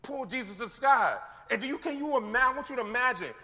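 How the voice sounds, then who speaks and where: Preaching a sermon in a large church hall, a male pastor's high, bright, forceful voice rings out with a long reverb. He speaks fast, in lively, slangy bursts, acting out the scenes he describes.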